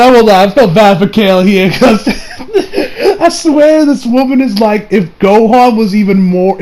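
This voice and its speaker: A man giving a casual, rambling episode review, excitable and laughing, who acts out the characters' lines in quick voices. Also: high voice, low-quality recording. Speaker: anime reviewer.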